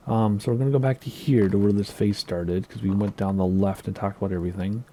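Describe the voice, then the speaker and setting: American male gamer, low and warm, laid-back rambling commentary. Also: slight background noise. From United States. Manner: relaxed, rambling, many ums and asides. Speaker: Minecraft video creator. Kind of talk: casual gameplay tour commentary.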